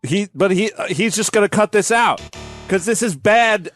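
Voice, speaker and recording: Lively, higher-voiced male podcast host. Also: normal speed, soft background music. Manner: teasing, steers the conversation. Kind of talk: casual chat.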